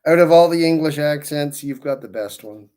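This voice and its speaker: A man with a fairly high, somewhat mellow voice chats at a moderate pace on his livestream. Twisting balloons with his hands as he goes, he greets viewers by name and drifts through friendly asides.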